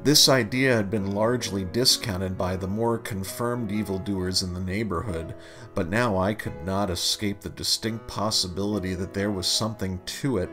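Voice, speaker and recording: A man reading a humorous memoir story aloud with a dry, deliberate, wry delivery. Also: on the low side. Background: faint guitar music.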